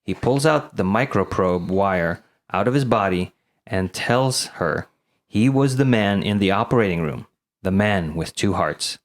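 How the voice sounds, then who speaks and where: A man co-hosting a podcast, casually recapping a film's plot in quick summary. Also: deep voice, animated. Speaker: podcast co-host. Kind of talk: casual chat.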